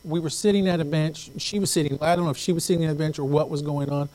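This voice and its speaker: A man preaching a sermon as pastor, telling stories with lively acted-out voices and repeating phrases as he goes. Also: fairly high pitch, fast, poor audio. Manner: animated storytelling, acts out quoted voices. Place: church.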